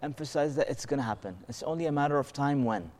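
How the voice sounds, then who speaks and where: A religious teacher with a medium-pitched, darkish voice talks fast and animatedly through a conversational lesson. He explains with patience, raises rhetorical questions, keeps checking on his listeners and recites verses melodically in Arabic.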